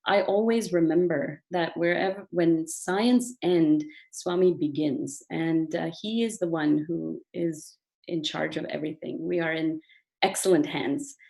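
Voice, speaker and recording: A woman's voice: lowish voice, a little mellow. Earnest woman giving a devotional talk. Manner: earnest, thoughtful, with many fillers. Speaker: guest speaker, physician. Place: virtual online program.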